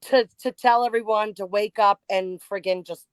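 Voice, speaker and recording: A woman hosts a podcast over a remote call. She talks haltingly, full of restarts and fillers, in an emotional, casual chat. Her voice sits in a middle register and sounds dry and close, with no room around it. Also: mid-range voice, steady tone, clear, resonant tone, dry recording. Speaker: podcast host.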